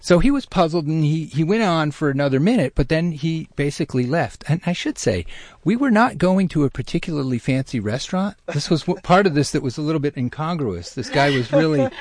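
A middle-aged man telling a personal story in a lively, self-deprecating way, with many restarts. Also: on the high side, fairly quick. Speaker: storyteller guest.

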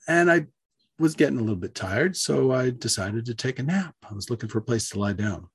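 A man telling a personal story aloud on the radio, animated, acting out the voices of the people in it. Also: fairly quick, breathy edge, dry recording, studio quality. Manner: animated, acts out voices with big pitch jumps.

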